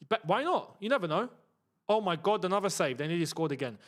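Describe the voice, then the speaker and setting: A young man hosts a live football watchalong in a high, light voice. He talks casually in slang and reads out viewers' messages in between. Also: lively intonation, brisk, fairly bright tone. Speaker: host.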